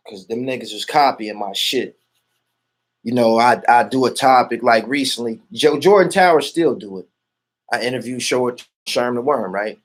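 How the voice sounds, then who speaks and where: A man's voice: mid-range voice, moderate pace. A man being interviewed, talking in a boastful, profane and rambling way. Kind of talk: casual street talk.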